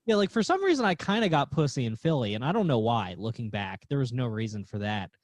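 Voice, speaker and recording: A man's voice: medium pitch, very animated, fast, no echo. A young man, a stand-up comedian guest, talking about himself in a laid-back, self-deprecating way. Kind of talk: casual chat.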